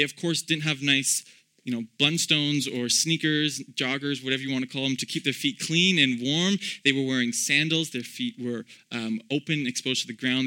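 A man's voice: medium pitch, bright, forceful tone. A man preaching an informal sermon in an earnest, conversational way, with frequent ums and restarts.

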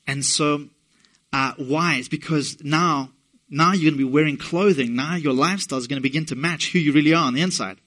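A man's voice: on the high side, a little fast, fairly bright tone. A middle-aged man from England preaching a sermon, talking conversationally with asides to the congregation. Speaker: pastor.

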